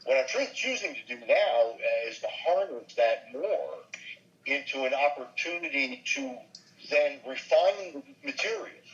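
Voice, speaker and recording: An older voice actor and comedian, speaking at medium pitch and a little slowly, tells animated show-business stories in an interview and slips into character voices. The highs are cut off in the audio.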